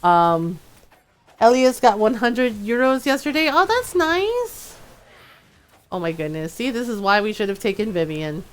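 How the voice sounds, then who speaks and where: A woman's voice: medium pitch, moderate pace, smooth. A woman streaming a game, chatting casually with frequent laughs and mocking character impressions. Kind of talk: casual commentary while playing.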